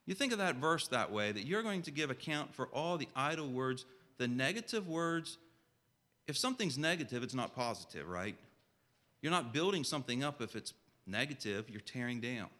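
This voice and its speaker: With a mid-range voice that swings widely in pitch, this preacher delivers his sermon sharply and forcefully. He talks conversationally, putting direct questions to the congregation, and reads scripture in slow, solemn, measured tones.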